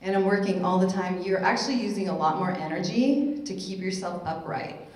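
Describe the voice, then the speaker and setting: A woman's voice: mid-range voice, fairly quick, a little mellow. A woman personal trainer speaking on a panel, chatty and upbeat and laughing at her own jokes. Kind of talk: casual panel talk. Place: conference hall at a summit. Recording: roomy hall echo.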